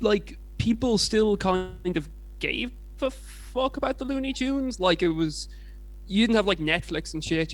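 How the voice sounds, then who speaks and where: A man's voice: high voice, creaky. A young English man co-hosting a podcast, chatting casually in a rambling, hesitant way with plenty of swearing. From England. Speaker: podcast co-host. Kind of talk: casual chat.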